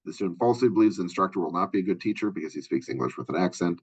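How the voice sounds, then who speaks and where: A man's voice: low voice, lively intonation, rapid-fire, slightly rough. A male college instructor giving a conversational recorded lecture, full of fillers and asides.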